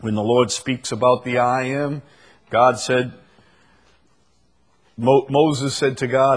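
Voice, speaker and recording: A man's voice: medium pitch, fairly even intonation, slow pace, long pauses. A man preaching a sermon and reading scripture aloud, earnest and rising to emphasis on the verses.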